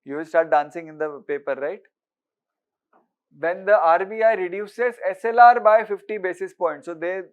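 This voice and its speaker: A man giving an exam-prep lecture, briskly quizzing listeners with repeated rhetorical questions and mixing with Hindi. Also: high voice, clear, resonant tone. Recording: dull lo-fi recording.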